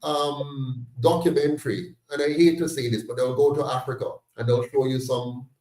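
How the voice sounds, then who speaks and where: A man's voice: medium pitch, fairly even intonation, moderate pace, darkish tone, echoey room, far from the mic, poor audio. A Jamaican man hosting a political discussion, talking with emphasis and bursting into indignant exclamations. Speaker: host of a political discussion meeting. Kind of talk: passionate political talk.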